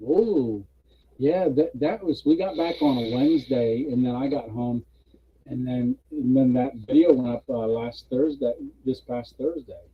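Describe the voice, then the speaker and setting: A man chatting casually on a live stream, telling a funny story with lots of laughter and quick character voices. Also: husky. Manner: animated storyteller, puts on high voices for characters, laughs often. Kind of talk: casual chat, retelling a comic bit. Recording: dull lo-fi stream audio.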